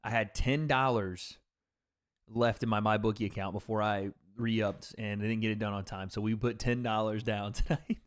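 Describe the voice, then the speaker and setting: Male streamer, slightly low voice, loose banter and quick fight reactions. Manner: joking, rambling, quick reactions. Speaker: livestream host reading chat. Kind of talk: casual live commentary on fights.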